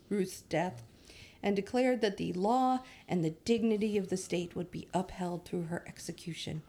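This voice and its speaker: A woman's voice: mid-range voice, a little mellow. A woman hosting a casual true-crime podcast, telling the story to her co-hosts and laughing often. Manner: laughs often, puts on a lofty voice for quotes. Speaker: podcast host. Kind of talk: casual true-crime chat, reading quotes.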